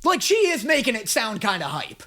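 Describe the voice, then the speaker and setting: A man hosting a casual reaction video, excitable, crude and self-mocking. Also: extremely high pitch, normal speed, slight background noise.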